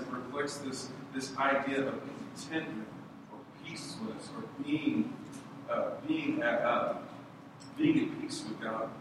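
A man's voice: medium pitch, moderate pace, bright, forceful tone, a little hiss or hum. A man preaching an earnest sermon as pastor, his intensity rising as he goes. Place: church sanctuary. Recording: echoey church hall from far off.

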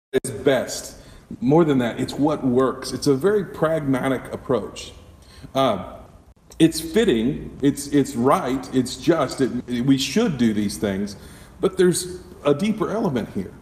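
Pastor preaching in an echoing hall. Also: male voice, mid-range voice, a little mellow. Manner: conversational, with self-corrections and rhetorical questions. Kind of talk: sermon. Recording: echoey hall, mic at a distance.

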